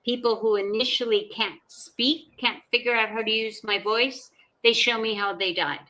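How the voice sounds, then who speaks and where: A woman's voice: on the high side, fairly even intonation, moderate pace, sharp tone, poor audio. A woman appearing as a podcast guest and medium, explaining her views in an assured manner. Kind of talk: conversational podcast talk.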